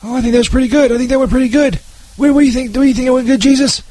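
Comic sidekick: man, very high voice, stammers and swears, boastful. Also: steady tone, racing, a little mellow, no echo. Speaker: comedy sidekick. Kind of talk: comedy radio bit.

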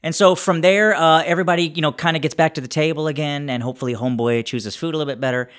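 A man playing a tabletop role-playing game, narrating his character's actions in a halting way with many restarts. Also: a little high, steady tone, fairly bright tone, smooth. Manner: halting, many restarts while describing scenes. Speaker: player.

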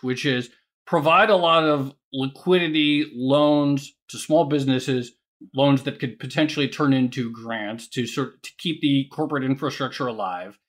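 A man's voice: a little high, a bit bright. A man co-hosting an interview, chatty, asking questions with restarts. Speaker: co-host.

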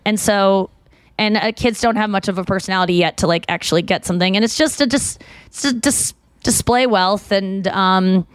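A woman's voice: mid-range voice, moderate pace, clear, resonant tone, no room sound. A woman hosting a podcast, chatting casually and rambling with lots of fillers and restarts. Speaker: podcast host. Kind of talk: casual chat.

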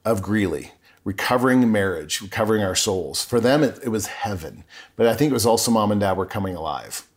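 A man's voice: lowish voice, expressive, fairly quick. Earnest man telling his story. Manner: earnest and emotional, with frequent self-corrections. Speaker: podcast guest. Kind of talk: candid personal storytelling.

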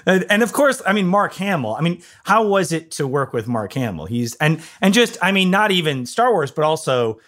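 A male interviewer with a slightly high voice. He asks his questions in an eager, chatty way and often stops to add his own remarks. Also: sing-song, moderate pace, hardly any pauses, a bit bright. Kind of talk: casual interview talk.

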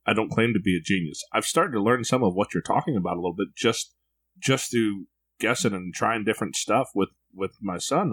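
A man's voice: on the low side, a bit bright. Reflective man telling a personal story. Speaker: podcast co-host sharing parenting stories. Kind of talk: casual conversation.

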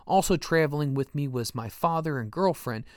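A man reading a first-person memoir in a steady storytelling manner. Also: a little high, normal speed, no echo, studio quality. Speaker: narrator.

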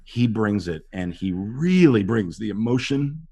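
A middle-aged man, an actor, telling animated stories in a casual interview and acting out what people said. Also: on the low side, measured pace, breathy edge. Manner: animated storytelling, acts out quotes. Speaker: actor guest.

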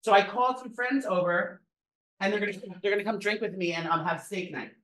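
A man's voice: high-pitched, fairly bright tone, slight background noise. A man co-hosting a podcast, rambling through stories in casual chat from his kitchen. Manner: rambling storyteller, fast and chatty. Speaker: podcast co-host. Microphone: home microphone.

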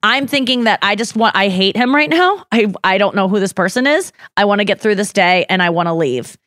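A woman co-hosts a podcast and tells a story in lively casual chat. She fills her sentences with "like" and keeps rolling through them. Her voice sits at a middling pitch and sounds close and dry. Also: brisk, no echo. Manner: animated storytelling, many "like" fillers. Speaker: podcast co-host.

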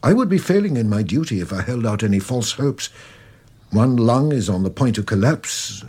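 A man playing a calm, formal doctor in a vintage radio drama, measured, courteous and sombre. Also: medium pitch, slightly rough. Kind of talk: 1940s radio acting.

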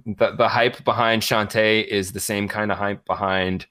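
Male podcast co-host, lower voice, halting but blunt talker, dry close sound. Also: fairly even intonation, bright, forceful tone, dry recording. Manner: hesitant, many ums and restarts, blunt opinions. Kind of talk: casual gaming chat.

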